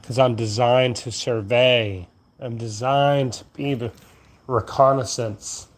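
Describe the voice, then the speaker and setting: A sleepy man rambles into his phone outdoors late at night, drawling at a slow, unhurried pace. His talk meanders from topic to topic, peppered with swearing, and he keeps yawning as he winds down. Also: medium pitch, steady tone. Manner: slow, drowsy, profane, meandering. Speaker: vlogger. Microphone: phone camera.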